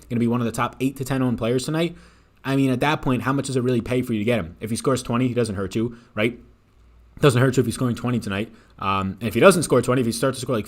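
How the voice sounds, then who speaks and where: Fast-talking man hosting a picks stream. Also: mid-range voice. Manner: rapid, casual, swears freely. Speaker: fantasy sports picks host. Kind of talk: live-stream sports betting talk.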